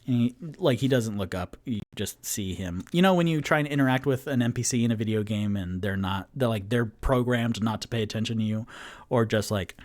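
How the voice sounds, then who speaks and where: A young man narrating and running a solo tabletop game, excitable and rambling. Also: fairly low pitch, a little fast. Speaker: game master and solo player.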